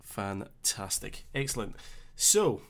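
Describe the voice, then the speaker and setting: A young man with a Scottish accent hosting a casual live stream, chatting easily and reading out viewer comments with relaxed filler pauses. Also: fairly low pitch. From Scotland. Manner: chatty and easygoing, thinking aloud with filler pauses.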